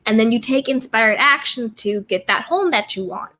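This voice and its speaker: A woman's voice: on the high side, normal speed, sharp tone. A woman hosting a casual self-care livestream, greeting viewers from the chat and repeating upbeat affirmations. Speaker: livestream host reading chat.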